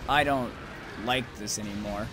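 A young man commentating his own gameplay, rambling to himself and cursing loudly at the monsters. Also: fairly low pitch, moderate pace, over music. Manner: profane, rambling, yells at monsters.

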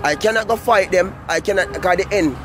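A man's voice: sits high, a little fast, a bit bright, slight background noise. A Jamaican man talking to his viewers in a casual, rambling vlog monologue full of "you know what I mean". He is recorded outdoors. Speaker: vlogger.

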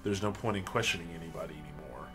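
Man, low voice, measured reading, faint music underneath. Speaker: tabletop game player. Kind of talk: reading game documents aloud.

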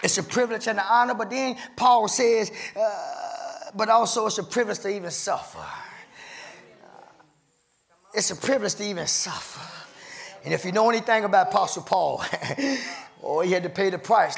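A man preaching a sermon in a church, fervent and rhythmic, laughing between phrases and swelling to shouts. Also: sits high, normal speed, creaky. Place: church sanctuary.

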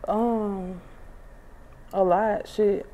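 A twenty-five-year-old woman rapper chats bluntly in an interview, swearing freely and laughing through her stories. Her mid-range voice is warm, very slow, and fairly even in intonation.

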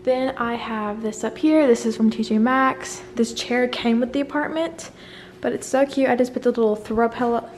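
A woman's voice: a little high, a little mellow, a little hiss or hum. A young woman in her apartment giving a chatty, rambling tour on her phone camera, a little out of breath. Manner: chatty and bubbly, rambling asides. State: slightly out of breath. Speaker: vlogger. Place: small apartment indoors.

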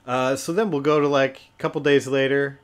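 A man's voice: medium pitch, fairly even intonation, a little fast. A man narrating a tabletop role-playing game as dungeon master, rambling along with lots of fillers.

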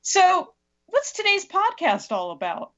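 A woman's voice: very high voice, huge pitch swings, measured pace, fairly bright tone, muffled recording. A woman hosting a comedy podcast, giggly and teasing in casual chat. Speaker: podcast host.

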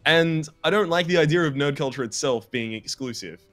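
A man's voice: on the high side, a little fast, a bit bright. A man co-playing a game, teasing his friend dryly and swearing casually on a voice call. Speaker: guest co-player. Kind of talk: casual gaming banter.

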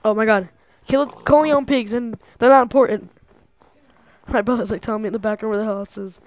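A young woman with a slightly high voice narrates her gameplay in a loose, casual way. She talks to herself, gets excitable, swears freely and laughs often. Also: brisk, no echo. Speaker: gamer.

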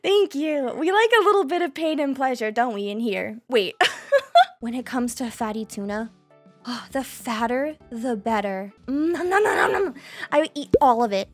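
Woman VTuber, high bouncy voice, giggly and teasing, playful self-intro, faint music behind. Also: moderate pace. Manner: giggly, teasing, exaggerated yelps and squeals.

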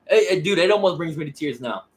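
A man's voice: fairly high pitch, expressive, fast. A young man casually telling a personal story, emotional and profane, often repeating "I said" and "you know what I mean.". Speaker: vlogger.

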